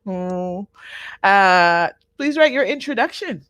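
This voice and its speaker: A woman teaches a live online Japanese class, patiently repeating each word slowly for her learners. Her voice is lowish and expressive, and the recording has no echo.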